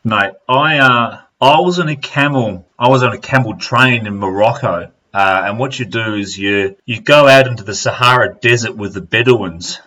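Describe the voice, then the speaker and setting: A man's voice: medium pitch, moderate pace, hardly any pauses, sharp tone, poor audio. An Australian man chatting casually, telling stories full of slang, swearing and laughter. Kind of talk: casual chat.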